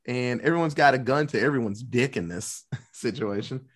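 Male podcast host, loose rambling recap delivery, average pitch, filler-heavy. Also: normal speed. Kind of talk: casual movie recap chat.

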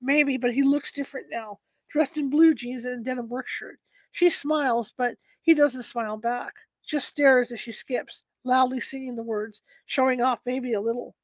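Female narrator, high-pitched, dry close-miked read-aloud storytelling. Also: steady tone, moderate pace, no echo, poor audio.

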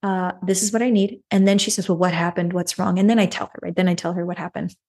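A woman's voice: fairly low pitch, steady tone, quick pace, darkish tone. A woman hosting a podcast, telling a personal story and giving self-help advice in an earnest way, often adding a questioning "right?". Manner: earnest, repeats phrases, frequent rhetorical "right?". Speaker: podcast host.

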